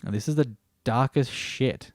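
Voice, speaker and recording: A man's voice: medium pitch, measured pace, dry recording, clean studio sound. Rambling, swearing man. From Australia. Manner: rambling, frequent restarts, casual swearing. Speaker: TV series reviewer. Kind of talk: stream-of-consciousness review.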